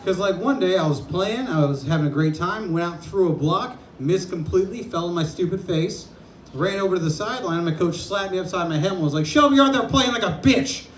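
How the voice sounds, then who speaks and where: On a club stage, a man in his twenties with a high voice performs a self-deprecating stand-up set at a fairly quick clip, telling stories and bursting into shouted impressions. The club sounds echoey, with audience laughter.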